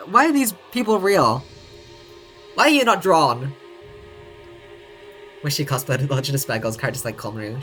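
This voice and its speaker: Low-voiced sarcastic woman streamer. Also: a bit bright. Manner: swears casually, laughs often, sarcastic. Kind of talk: casual let's-play commentary.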